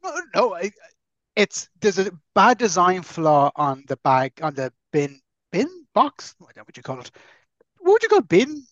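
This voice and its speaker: A man's voice: sits high, sing-song, normal speed, a bit bright, dry recording. Guy ranting on a podcast, bit dull and muffled, no room sound. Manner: chatty, ranting, joking. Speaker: podcast co-host. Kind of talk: casual chat.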